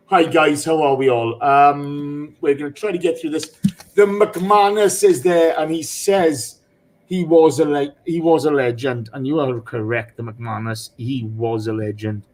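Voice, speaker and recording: A man hosting a football podcast, speaking emotionally and haltingly with many pauses. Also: fairly high pitch, fairly even intonation, rough recording. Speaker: podcast host. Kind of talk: casual football podcast chat.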